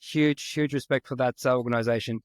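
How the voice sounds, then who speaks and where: A man's voice: mid-range voice, steady tone, fairly quick, clean tone, dry recording. A man hosting a podcast, encouraging his guest in a casual interview. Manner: encouraging, laughs easily. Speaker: podcast host.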